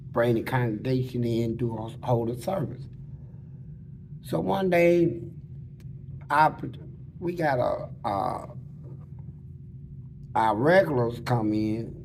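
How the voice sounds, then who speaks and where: A man bluntly telling prison stories in casual, animated talk. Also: medium pitch, a little hiss or hum. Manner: animated, blunt, slips into voices. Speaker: interviewee.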